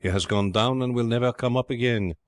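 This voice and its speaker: A man voicing a grim sailor who acts as interpreter and speaks in a flat, matter-of-fact way in a storybook reading. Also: mid-range voice, a little fast, smooth, no room sound, voice pushed up, lightly acted.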